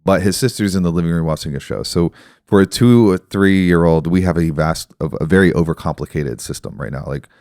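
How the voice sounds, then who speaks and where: Podcast host, male, thirties, deep-pitched, reflective explainer, dry close sound. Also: a little fast, few pauses, a little mellow, dry recording. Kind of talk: casual podcast conversation.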